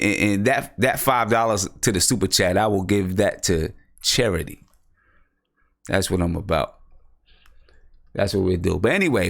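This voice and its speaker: Low-voiced man rambling about basketball. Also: fairly bright tone. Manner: rambling, repeats himself, thinks aloud. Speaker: basketball podcast host. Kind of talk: casual live-stream sports talk.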